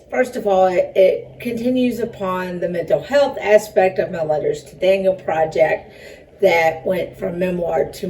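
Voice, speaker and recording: A woman's voice: medium pitch, darkish tone. A woman talking about her film and one-woman show in a rambling, chatty way, with self-conscious laughs. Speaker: filmmaker and performer being interviewed. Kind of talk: casual interview talk. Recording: distant mic with faint background noise.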